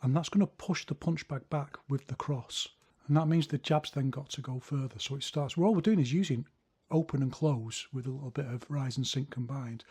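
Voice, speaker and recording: A man's voice: mid-range voice, a little fast, a little mellow, breathy edge. A man teaching a martial arts lesson, explaining technique and counting punches aloud as he demonstrates.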